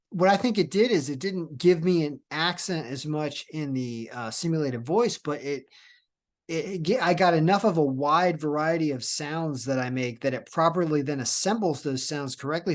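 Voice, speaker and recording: A man hosting a podcast, chatting casually in a rambling way with many restarts and trailing phrases. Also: fairly high pitch. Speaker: podcast host.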